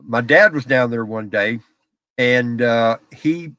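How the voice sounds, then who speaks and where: A man's voice: mid-range voice, slow, bright, forceful tone, dry recording. A middle-aged man hosting a casual live stream from a small office, chatting with viewers and telling stories, often laughing. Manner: folksy storyteller, laughs often.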